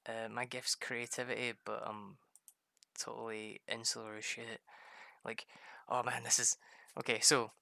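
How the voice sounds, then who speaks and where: A man's voice: medium pitch, vocal fry, pushed and bright, no room sound, clean studio sound. A Scottish man rambling casually while playing a farming game, laughing often and putting on voices for the people he quotes. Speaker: gaming video host.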